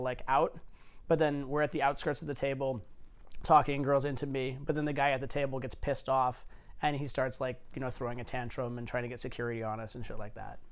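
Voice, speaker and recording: A man's voice: medium pitch, clear, resonant tone. A man in his forties, a dating coach, telling stories casually, loose and profane with many fillers. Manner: swearing, filler-heavy, anecdotal. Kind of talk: casual storytelling.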